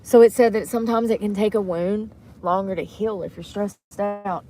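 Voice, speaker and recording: A young woman, chatting casually to camera from inside a vehicle, often dropping to soft mutters. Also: mid-range voice, fairly even intonation, moderate pace, a little hiss or hum. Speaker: vlogger. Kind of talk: casual vlog talk to camera. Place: inside a vehicle bed at night.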